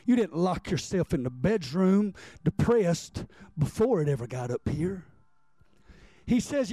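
A man preaching a sermon, animated and repetitive, stammering as he builds his points. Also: high voice, a little slow, no room sound. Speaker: pastor.

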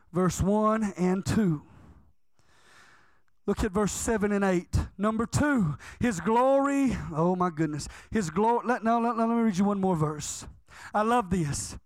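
High-voiced fervent preacher man. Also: darkish tone, no echo. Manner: fervent, emphatic, drawn-out stresses. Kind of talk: sermon.

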